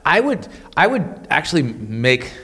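A man teaching the Bible in a conversational, animated way, often stumbling over and repeating his words and chuckling as he explains. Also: a little high, measured pace, breathy edge, big-room sound.

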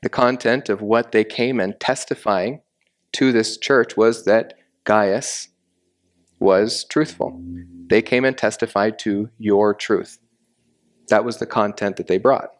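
Man teaching a Bible passage, low voice. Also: fairly even intonation, takes it slowly. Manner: methodical, explains Greek grammar step by step.

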